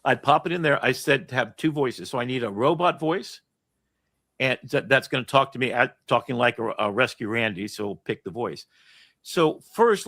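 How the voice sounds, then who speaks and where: A man's voice: medium pitch, fairly bright tone, no echo. A man hosting an interview show in casual chat, talking enthusiastically and jumping between thoughts over a video call. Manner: enthusiastic, rambling, rapid shifts of thought. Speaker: host.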